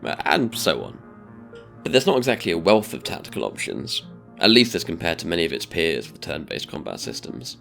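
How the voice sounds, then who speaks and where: A man giving a scripted video-essay narration in a measured, deliberate way. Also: low voice, wildly swooping pitch, gravelly, fairly bright tone, faint music behind.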